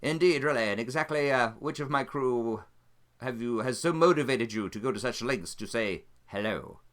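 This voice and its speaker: Man doing a formal starship captain, measured, proper, bright voice. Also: mid-range voice, close to an everyday voice.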